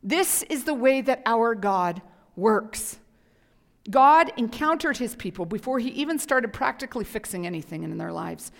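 A woman's voice: fairly high pitch, animated, moderate pace, gravelly. Impassioned woman preaching in reverberant hall. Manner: impassioned, swings from whispers to loud emphasis. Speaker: pastor. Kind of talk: sermon.

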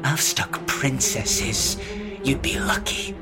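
A man voicing a brutish male thug in an audiobook, crooning and sneering his threats in a breathy, half-whispered voice. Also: on the high side, animated, slow pace, over loud music, voice pushed up. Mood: menacing. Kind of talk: audiobook character voice.

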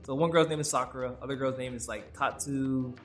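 A man's voice: medium pitch, fairly even intonation, fairly quick, soft background music. A young man co-hosting a podcast in casual chat, rambling and laughing as he acts out quotes. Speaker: podcast co-host.

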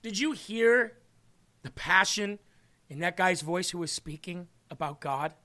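A man hosting a live-streamed faith talk show, reading viewer comments and talking in an earnest, excitable way. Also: sits high, unhurried. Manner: earnest, excitable, restarts and laughs often. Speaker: host of an online faith show.

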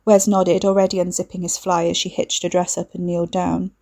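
A woman narrating a dark fiction story in a measured, steady reading. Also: fairly low pitch, gravelly. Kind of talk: scripted audiobook narration.

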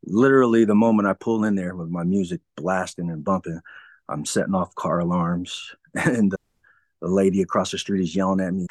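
A man's voice: sits low, no room sound. A man speaking as an interview guest and telling his personal story frankly. He often acts out past conversations and laughs through hard memories.

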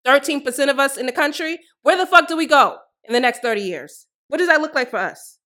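Fiery high-voiced woman podcaster. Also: lively intonation, brisk, sharp tone. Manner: fiery, profane, rhetorical questions. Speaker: podcast host. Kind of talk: passionate solo podcast commentary.

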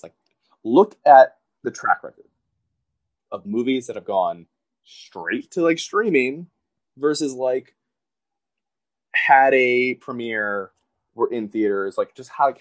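A man's voice: mid-range voice, lively intonation, measured pace. Rambling, swearing podcast guy. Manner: rambling, heavy use of "like", swears often. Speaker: podcast co-host. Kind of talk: casual podcast banter.

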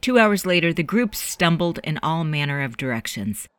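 An audiobook narrator reading scripted narration in a measured storytelling manner. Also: mid-range voice, sing-song, a bit bright, clean tone, dry recording.

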